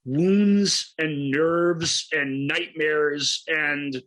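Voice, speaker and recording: A man's voice: on the high side, steady tone, drawn-out words, fairly bright tone, low-quality recording. A man co-hosting a film podcast, enthusiastically retelling scenes in a casual, rambling way with frequent restarts.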